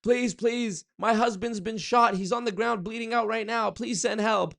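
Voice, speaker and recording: A man's voice: high voice, steady tone, normal speed, vocal fry, a bit bright, voice pushed up. A man putting on a panicked wife begging an emergency operator for help. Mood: frantic. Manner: frantic, pleading.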